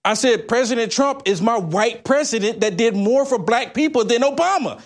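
Male talk-show host, high voice, animated delivery, trips on words. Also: moderate pace. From California. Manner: animated, stumbles over words. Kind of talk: political talk show discussion.

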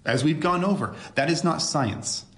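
A man's voice: a little high, normal speed, a bit bright, roomy sound. A middle-aged man, a doctor giving an emphatic press briefing full of rhetorical questions.

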